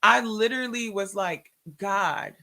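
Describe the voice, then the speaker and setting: A woman telling an emotional personal testimony in a conversation, animated and acting out the words in quotes. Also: mid-range voice, unhurried. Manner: animated, acts out her own and others' words in quotes. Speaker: guest sharing a testimony.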